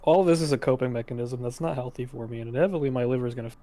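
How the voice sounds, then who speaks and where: A man's voice: mid-range voice, very fast, warm tone. A man playing a tabletop game in casual chat, wisecracking and self-mocking. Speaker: player.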